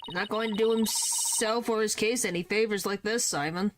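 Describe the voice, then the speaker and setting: A woman's voice: mid-range voice, fairly even intonation, normal speed, noisy background, close to an everyday voice. A woman voicing a stern man, a cold prosecutor who lectures curtly. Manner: curt, lecturing. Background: game music.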